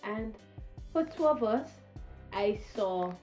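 A woman's voice: a little high, animated, takes it slowly, a little mellow, soft background music. A young woman of about twenty, a guest telling her story earnestly on a radio interview, giggling now and then. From Saint Vincent.

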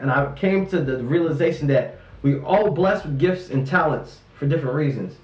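Recorded in a reverberant space with muffled sound, a twentysomething student activist from Raleigh, North Carolina answers interview questions at normal speed. His voice sits on the high side and is expressive. He comes across as candid and emphatic, frustrated yet passionate.

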